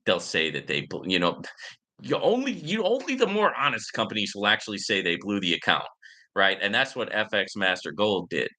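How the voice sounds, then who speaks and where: Male host, casual rambling commentary, very bright sharp tone. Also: fairly low pitch, sing-song, brisk. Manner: rambling, many fillers, addresses viewers as guys. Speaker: crypto investment show host. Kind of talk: casual live-stream commentary.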